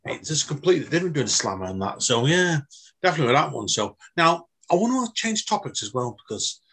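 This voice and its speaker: Husky interviewer, chatty. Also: male voice, a little high, big pitch swings, fast talker, a bit bright. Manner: chatty, enthusiastic, loose phrasing. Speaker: podcast interviewer. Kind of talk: casual interview chat.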